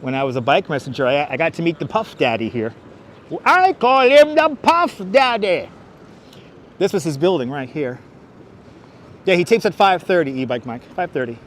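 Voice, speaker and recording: A man's voice: mid-range voice, lively intonation, fairly quick, slight background noise. A man with a Brooklyn accent hosting a live walking tour outdoors on a clip-on mic, rambling chattily and answering viewers' questions as he goes. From Brooklyn, New York. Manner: chatty, rambling, answers chat questions aloud, jokey asides. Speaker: livestream walking tour host. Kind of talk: casual live street-tour narration. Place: outdoors on busy city streets. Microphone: wireless clip-on mic, phone on gimbal.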